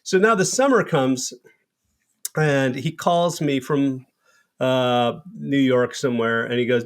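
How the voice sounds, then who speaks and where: Guy in his 50s hosting a podcast, rambling animated story, loose and casual, mid pitch. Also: slow pace. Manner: rambling, animated anecdote-telling with restarts. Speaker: podcast host.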